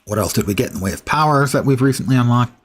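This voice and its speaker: A man's voice: medium pitch, animated, rapid-fire, a little hiss or hum. A man streaming a video game and talking through it casually, musing aloud, correcting himself and dropping dry asides. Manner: musing, self-correcting, drily humorous. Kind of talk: casual gameplay commentary.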